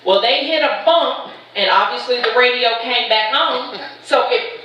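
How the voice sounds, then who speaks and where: Bright, high woman comic. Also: a little hiss or hum. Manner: chatty storyteller, teasing the crowd with quick asides. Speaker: stand-up comedian. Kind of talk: live stand-up comedy. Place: large event shed with a live audience. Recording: echoey hall, voice from far off.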